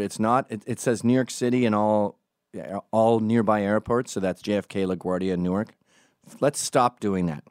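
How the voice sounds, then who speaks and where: A man's voice: on the low side, darkish tone, dry recording, studio quality. A man hosting a podcast who talks through a casual comic monologue in a profane, rambling and sarcastic way.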